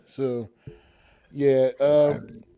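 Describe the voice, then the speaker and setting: A man's voice: mid-range voice, sing-song, very slow, dark tone, clear, resonant tone. Laid-back man hosting a sports podcast. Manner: laid-back, slangy, repeats himself. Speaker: podcast host.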